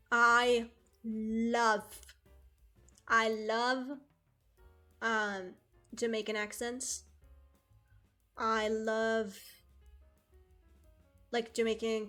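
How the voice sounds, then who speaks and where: Young woman streamer, casual rambling chat with laughs, slightly high bright voice, faint music behind. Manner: rambling, self-correcting, laughs often.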